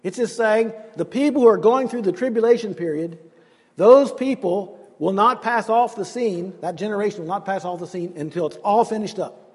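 A man's voice: high voice, moderate pace, darkish tone, husky, big-room sound. A man preaching a sermon in an earnest, emphatic way, acting out the quotes he gives.

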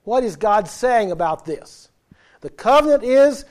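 Male preacher, higher-pitched voice, emphatic sermon delivery with questions to the room. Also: animated, moderate pace, darkish tone. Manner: emphatic, asks the congregation questions.

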